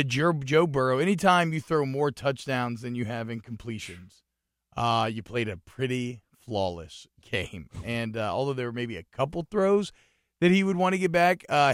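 A man co-hosting a casual sports talk show, animated and getting louder as he gets worked up. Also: medium pitch, moderate pace, no room sound, studio quality. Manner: animated, rising to excited shouting. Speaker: podcast co-host.

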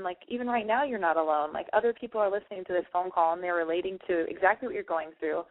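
A woman's voice: medium pitch, fast. A woman host giving rambling, reassuring advice to a caller on an advice show, often repeating herself. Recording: phone-line sound, narrow band.

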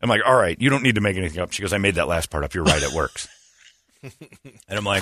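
A man's voice: deep voice, lively intonation, fast, pauses often, a crowd in the background, background noise. A man hosting a radio show, telling self-deprecating stories and acting out the people he quotes. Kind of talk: casual storytelling on morning radio.

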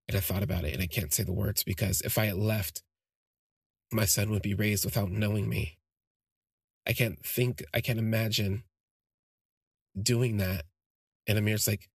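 Gravelly-voiced man telling a personal story. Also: fairly low pitch, steady tone, normal speed, long pauses, no room sound, studio quality. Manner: rambling and heartfelt, many fillers and restarts. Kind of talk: casual spoken storytelling.

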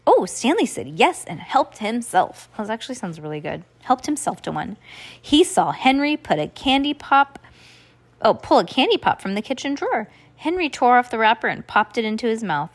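A woman's voice: fairly high pitch, sing-song, normal speed. A young adult woman hosting a podcast, reading a children's storybook aloud with playful asides.

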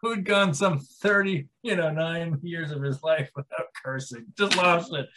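Rambling podcast guy in his 40s, laughs a lot, pretty bright tone. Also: a little high, a little slow, rough recording. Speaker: podcast co-host. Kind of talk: casual podcast chat.

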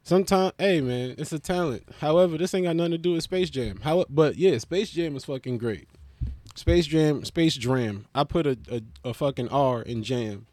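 A man's voice: a little high, fairly quick, hardly any pauses, a little mellow, no room sound, clean studio sound. A man talking in a casual, joking monologue, heavy on slang and swearing and full of digressions. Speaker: vlogger reviewing a movie.

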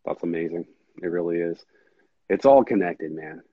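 A man hosting a podcast in casual chat, rambling and earnest, with a husky voice. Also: low-pitched, normal speed, dry recording, narrow, tinny audio. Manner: rambling, earnest, says dude a lot. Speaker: podcast host.

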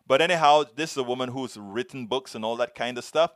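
A man's voice: medium pitch, no echo. Earnest man with a foreign accent, dry sound. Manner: earnest, halting, many restarts. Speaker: show host answering viewer questions. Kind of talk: conversational commentary and storytelling.

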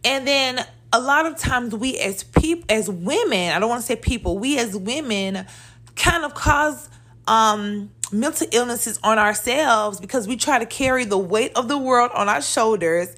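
A woman in her thirties hosting a solo podcast, talking candidly and in a chatty, animated way. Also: on the high side, unhurried. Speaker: podcast host. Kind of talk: casual solo podcast talk.

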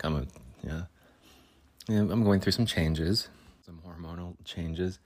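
A man's voice: low-pitched, a little slow, long pauses. A man hosting a casual solo podcast from a makeshift break room at home, rambling with jokey asides. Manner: rambling, jokey asides, voices his cats' imagined plotting. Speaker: podcast host.

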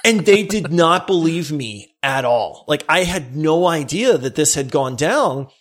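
A man from Louisiana telling a story in casual podcast chat, laughing and acting out quotes loudly. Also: on the high side, unhurried. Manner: animated, laughs through his story, acts out quotes loudly.

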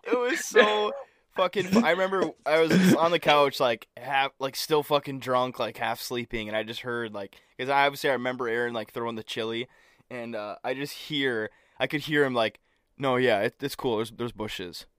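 A man in his twenties, a podcast co-host, retelling a story in casual chat, animated and laughing, with frequent swearing. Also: mid-range voice, normal speed, dry recording, studio quality.

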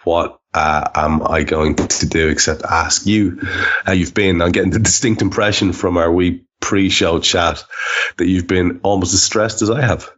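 A man's voice: low voice, fairly even intonation, moderate pace, a bit bright. A man hosting a podcast, rambling chat full of fillers and restarts. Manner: rambling, self-deprecating, many fillers and restarts. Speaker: podcast host. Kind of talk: casual chat. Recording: dull lo-fi sound.

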